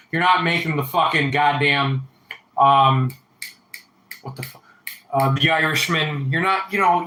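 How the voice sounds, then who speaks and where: A man hosts a casual livestream Q&A, tossing out blunt opinions and swearing freely as he rambles. His voice sits a little high and comes across bright and forceful. The sound bounces around a roomy, echoey space. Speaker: livestream host answering chat.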